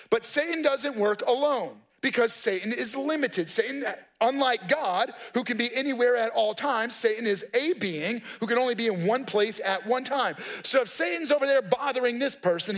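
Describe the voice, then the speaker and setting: A man with a notably high-pitched voice delivers a sermon. He talks to the congregation like a friend, mixing casual asides with firm points of teaching. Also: a bit bright. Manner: conversational, folksy preaching with asides. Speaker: pastor.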